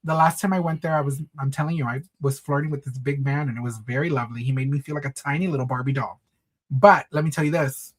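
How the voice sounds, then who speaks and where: A man with a medium-pitched voice talks fast while hosting a casual livestream. He chats with his viewers in a sassy, campy manner, calling them "honey" and "girl" and dropping in Spanish phrases.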